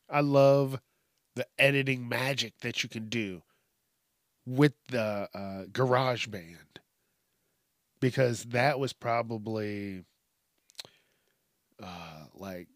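A man's voice: mid-range voice, takes it slowly, long pauses, dry recording, clean studio sound. A man hosting a solo podcast, rambling and swearing, sometimes calling himself by name in the third person. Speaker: podcast host.

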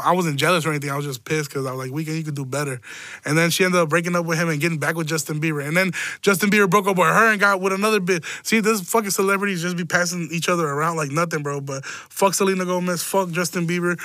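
A young Chicago podcast host with a high-ish, pushed, bright voice rambles through a casual solo rant, swearing and often breaking into laughter, with no room sound.

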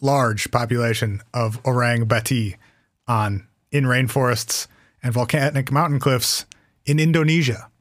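Man, podcast host, casual comedic chat, wry and teasing, swears, mid-pitched voice, dry sound. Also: fairly even intonation, unhurried, dry recording. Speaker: podcast host presenting cryptids.

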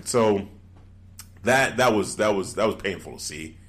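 A man with a fairly low voice talks through a casual recap, his pitch jumping around as he gets into it. He laughs often and acts out what others said in quick little impressions. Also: lively intonation. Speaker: podcast co-host. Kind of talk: casual wrestling recap chat.

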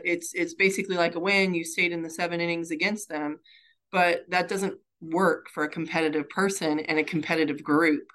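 Woman, softball coach, guest, slightly low voice, thoughtful, halting. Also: steady tone, poor audio. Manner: thoughtful, searching for words. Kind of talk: interview answers.

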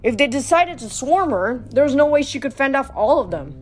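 Brief: woman narrator, steady novel reading, faint music behind. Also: high voice, fairly quick. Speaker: audiobook reader.

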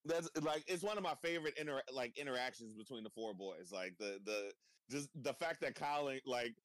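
A man's voice: mid-range voice, lively intonation, fairly quick, a bit bright, no echo. A young man hosting a casual chat, laughing often, swearing freely and rambling about a cartoon episode. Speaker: podcast host.

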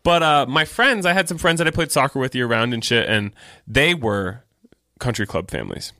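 This man, who runs a clothing shop, co-hosts a podcast about it in a casual chat, relaxed, swearing freely and laughing often. His mid-range voice has lively intonation, a sharp tone and a normal speed, captured with studio quality and no echo.

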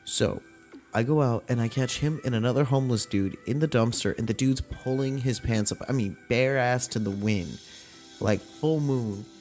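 Young man, mid-pitched, casual and foul-mouthed, tells stories with lots of energy. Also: moderate pace, soft background music. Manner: profane, animated retelling with acted-out quotes. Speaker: podcast host. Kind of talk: casual storytelling rant.

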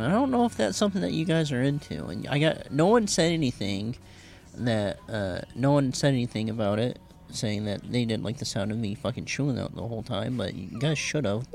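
A man's voice: medium pitch, very animated, fast talker, creaky, few pauses, faint music behind. A man co-hosting a comedy podcast, joking around in casual banter on a house deck. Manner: goofy, jokey. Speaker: podcast co-host.

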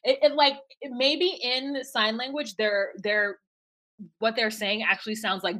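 A woman co-hosting a casual podcast, recapping a reality show in an animated way, laughing and acting out quotes. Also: on the high side, unhurried. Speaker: podcast co-host.

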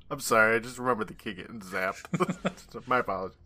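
A man co-hosting a podcast, tossing in deadpan, profane quips. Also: fairly low pitch, a little slow, breathy edge. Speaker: podcast co-host. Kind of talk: casual recap chat.

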